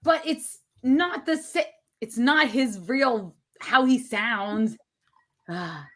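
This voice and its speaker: A woman's voice: fairly high pitch, slow, a bit bright. A woman co-hosting a movie review show, chatting casually with easygoing, opinionated takes. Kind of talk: casual film review talk.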